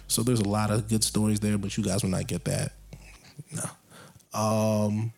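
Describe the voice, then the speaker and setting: A man's voice: on the low side, creaky, a little mellow. A young man chatting casually on his podcast, joking and going off on rambling rants about his pet peeves. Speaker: podcast co-host. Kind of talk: casual chat.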